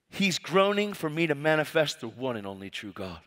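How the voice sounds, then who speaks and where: A man preaching a sermon, reading scripture and telling stories with fervent swings from loud cries to quiet asides. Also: on the high side, very animated, fairly quick, hardly any pauses. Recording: long hall reverb.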